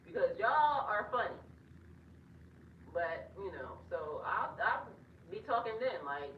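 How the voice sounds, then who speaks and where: A woman spiritual vlogger talking casually and rambling to her viewers, animated and chatty, often laughing. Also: mid-range voice, moderate pace, a little hiss or hum. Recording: echoey distant dull recording.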